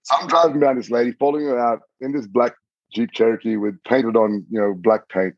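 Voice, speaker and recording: Husky man telling a story. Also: mid-range voice, steady tone, brisk, no echo. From Australia. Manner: vivid, repeats words, swears casually. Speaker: podcast guest. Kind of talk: animated personal storytelling. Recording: slightly muffled dry recording.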